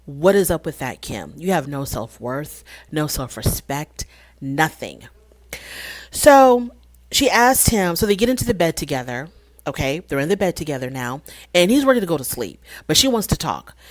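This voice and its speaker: Opinionated woman recapping, low-pitched, dry sound. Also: normal speed, no room sound. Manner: opinionated, animated retelling with quoted dialogue. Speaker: reality show recapper. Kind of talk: casual recap commentary.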